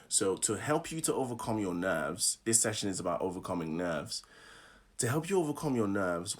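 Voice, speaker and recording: A man's voice: deep voice, fairly bright tone. A man coaching public speaking, leading listeners through affirmations and laughing often. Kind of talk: live online workshop talk.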